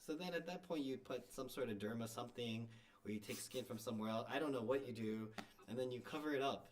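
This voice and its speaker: A man's voice: mid-range voice, quick pace. A man chatting casually with his wife, rambling and playful, often laughing at his own jokes. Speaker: host's husband, co-host. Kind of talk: casual chat.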